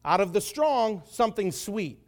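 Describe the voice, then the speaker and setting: A man's voice: sits high, sing-song, unhurried. A man preaching a sermon as conversational, joking storytelling, with asides to the audience.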